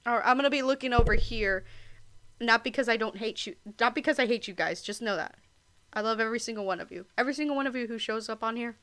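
A young woman with a Southern US accent chats and giggles her way through a live game stream, easily sidetracked. Her voice is a little high and fairly bright, and she talks fast.

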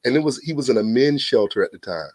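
A man appearing on a podcast tells his own story quickly and animatedly, in a casual yet earnest way, often repeating words as each thought starts. His mid-range voice is a little mellow and slightly rough, in a casual testimony style.

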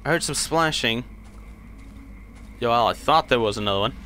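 A man's voice: medium pitch, lively intonation, normal speed, bright, forceful tone, slight background noise. A man hosting a gaming channel, giving casual let's-play commentary, chatty and swearing as he reacts to the game.

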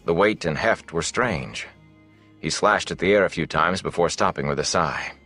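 A man narrating a fantasy audiobook in a measured, steady way. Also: sits low, slightly rough, faint music behind.

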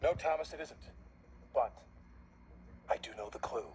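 A man's voice: mid-range voice, moderate pace, noisy background, lightly acted. Man doing a grumbling tired conductor. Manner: flustered, grumbling. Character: weary magical train conductor man. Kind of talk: fan dub voice acting. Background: music.

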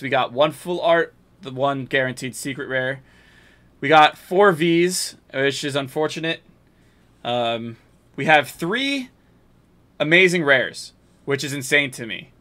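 A man's voice: medium pitch, sharp tone. A man streaming himself opening card packs, chatting casually, hyping big pulls, joking with viewers, and mumbling while he sorts cards. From New England. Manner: chatty, hypes pulls, jokes with chat. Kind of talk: casual live-stream chat.

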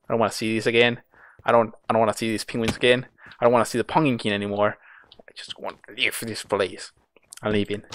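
Gamer doing let's play commentary, slow-ish talker, super dramatic, yells when stuff goes wrong, faint music behind. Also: medium pitch. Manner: dramatic, excitable, yelps and groans at failures. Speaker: gaming channel host.

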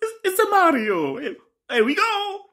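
A man voicing a cheerful, chirpy male plumber hero in an exaggerated, high-pitched impression. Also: huge pitch swings, moderate pace, sharp tone, full character voice.

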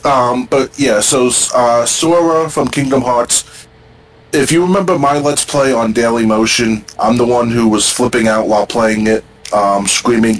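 A man of middle pitch hosting a casual gaming podcast, talking things over with many pauses and a steady, opinionated tone. Faint noise sits under his voice. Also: poor audio. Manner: conversational, hesitant with fillers, opinionated. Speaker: podcast host.

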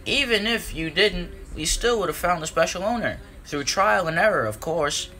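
A man's voice: high-pitched, expressive, normal speed, bright, forceful tone, slight background noise, full character voice. A man voicing an earnest, determined male tank engine who talks with urgent insistence in a storybook reading.

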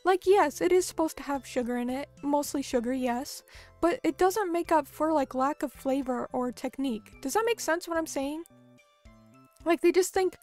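A woman's voice: sits high, moderate pace, a little mellow, soft background music. A young American woman streamer chatting casually with her viewers, talking loosely with lots of fillers as she reads and answers chat. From United States.

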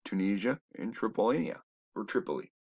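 A man talking in a rambling, casual monologue that drops to low mutters and jumps to loud exclamations. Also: expressive, brisk, dull audio. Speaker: video commentator.

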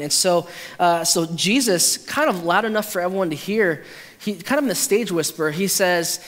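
A man's voice: high-pitched, lively intonation, normal speed, a bit bright. A male pastor preaching a conversational, humorous sermon, acting out quotes with restarts. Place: church sanctuary. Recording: hall reverb.

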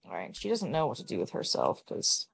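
A woman giving casual, joking gameplay commentary, blunt and quick to swear. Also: rumbling low, very animated, vocal fry, slightly rough. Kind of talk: casual let's-play commentary.

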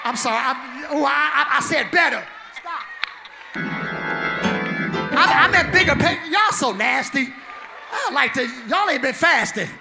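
High-pitched shouting preacher man. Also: animated, normal speed, vocal fry, over loud music, over a noisy crowd. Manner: exuberant, shouting, laughing, call-and-response with congregation. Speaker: pastor. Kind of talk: Easter sermon preached live. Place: church sanctuary. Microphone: handheld microphone.

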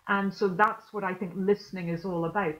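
A woman speaks over a video call that sounds a little dull and muffled, her voice sitting at an ordinary middle pitch. She explains her ideas thoughtfully, leaning on words for gentle emphasis as she answers questions in an online lecture. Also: steady tone, a little fast. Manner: reflective, explanatory, softly emphatic. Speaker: guest percussionist.

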